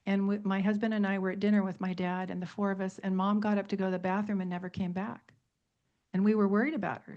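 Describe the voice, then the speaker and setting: A woman's voice: mid-range voice, darkish tone, muffled recording. A middle-aged woman teaching about temperaments on a radio talk show, emphatic, stringing words into long lists and repeating points for stress.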